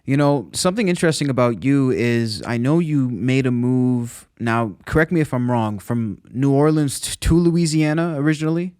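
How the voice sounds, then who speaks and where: A man's voice: mid-range voice, animated, moderate pace, hardly any pauses, a little mellow, clean tone, dry recording, clean studio sound. A man hosting a music podcast, asking easygoing questions with light laughs. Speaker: podcast host. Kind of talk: interview questions.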